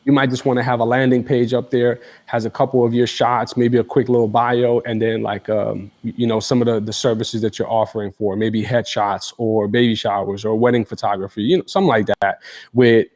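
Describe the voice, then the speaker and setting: Male co-host, relaxed everyday advice talk, thinks out loud with plenty of fillers. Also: mid-range voice, a little fast. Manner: loose, searching for words, many fillers. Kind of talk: casual advice chat.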